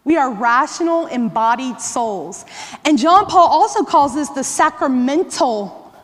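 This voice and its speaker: A woman's voice: high voice, lively intonation, a little slow. A woman giving a live workshop talk to catechists, conversational and often checking in with "right?" and "okay?". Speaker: workshop presenter. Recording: long hall reverb.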